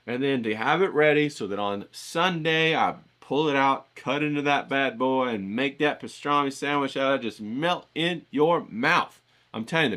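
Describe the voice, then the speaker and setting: A man's voice: medium pitch, fairly bright tone. A man giving a casual motivational pep talk to his viewers, hyped and coaxing, with slangy repeated phrases. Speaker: motivational vlogger.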